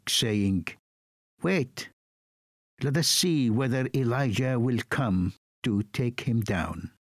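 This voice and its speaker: Man giving a sermon, takes it real slow, solemn, middle pitch, dry recording. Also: no room sound. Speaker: preacher. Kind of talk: sermon reading scripture.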